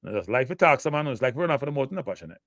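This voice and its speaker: A man's voice: medium pitch, very animated, racing, fairly bright tone, no room sound, clean studio sound. A Jamaican man hosting a live football talk show, blunt and emotive, answering chat comments.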